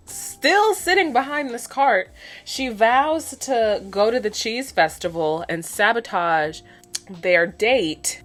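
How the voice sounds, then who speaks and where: A woman's voice: medium pitch, a bit bright. A young woman vlogger, chatty and slangy, who laughs often as she recaps a cartoon while doing her makeup. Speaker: beauty vlogger.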